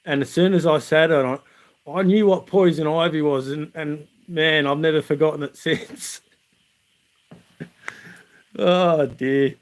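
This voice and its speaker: A man's voice: fairly high pitch, steady tone, normal speed. An Australian man, the channel host, chatting on a livestream from outdoors at night and laughing through funny camp stories. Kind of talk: casual livestream storytelling.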